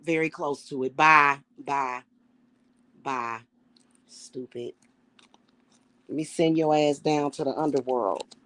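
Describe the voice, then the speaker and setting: A middle-aged woman, a self-styled high priestess, ranting to her viewers in a casual, emphatic and profane way. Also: pushed and bright, no echo. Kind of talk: casual spiritual rant to camera.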